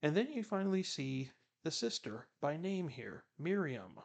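A man's voice: fairly high pitch, very animated, measured pace, vocal fry. A man giving casual Bible commentary, chatty, retelling scripture in everyday words.

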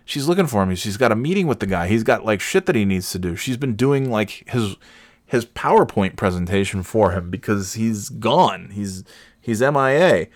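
A man with a fairly low voice tells a long, meandering story from his office days, swearing freely and tripping over fillers. He grows more worked up as the tale goes on. The sound is dry and close, with no room around it. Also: lively intonation, moderate pace, no echo. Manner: rambling, profane, filler-heavy, growing exasperated. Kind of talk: casual anecdotal monologue.

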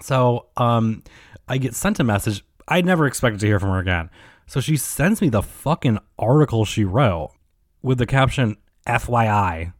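A man's voice: mid-range voice, expressive, moderate pace, no echo, studio quality. A man hosting a podcast alone, ranting in a profane, sarcastic and rambling way. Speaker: podcast host. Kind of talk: casual solo rant.

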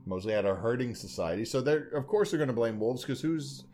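A young man co-hosting a podcast in casual chat, telling stories in a rambling, animated way full of tangents. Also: mid-range voice, brisk. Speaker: podcast co-host.

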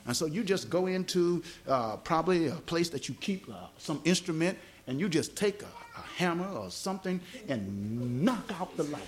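A gospel evangelist from the Southern US delivers a teaching sermon at a small church meeting, his voice high for a man. He keeps asking the congregation questions to check they follow, and he spells out and explains words slowly. His pitch swings widely and animatedly, with a faint hiss or hum in the background.

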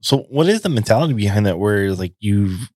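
A man hosting a casual podcast, asking measured questions and chiming in with short agreements. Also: fairly low pitch, expressive, a little mellow, dry recording, studio quality. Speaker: podcast host. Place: podcast studio.

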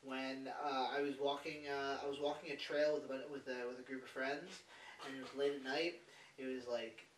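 A young man hosting a podcast, telling a story in casual chat, animated and swearing freely. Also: mid-range voice, a little fast, a little hiss or hum. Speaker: podcast host. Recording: roomy, distant mic.

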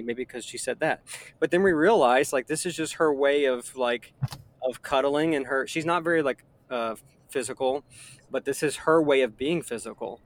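A man in his thirties chatting earnestly in a casual conversation, rambling with frequent restarts. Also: mid-range voice.

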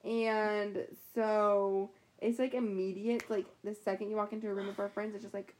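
A woman's voice: mid-range voice, little pitch movement, moderate pace, darkish tone. A young woman co-hosting a podcast in casual chat, giggly and talkative, full of fillers. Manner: giggly, chatty, lots of "anyways" and "like". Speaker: podcast co-host.

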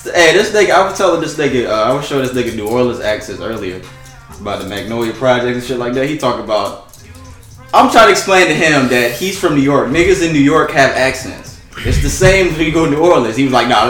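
A man's voice: mid-range voice, lively intonation, fairly quick, fairly bright tone. Man, twenties, podcast host, casual profane banter, roomy echo, faint music behind. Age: 20s. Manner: loose, profane, joking banter.

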